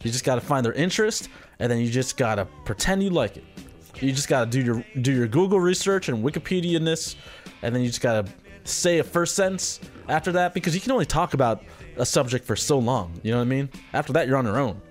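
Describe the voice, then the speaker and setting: A man co-hosts a casual chat in a lively voice that rises and falls a lot. He jokes and teases constantly, with faint music underneath. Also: mid-range voice, fast talker. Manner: animated, jokey, teasing.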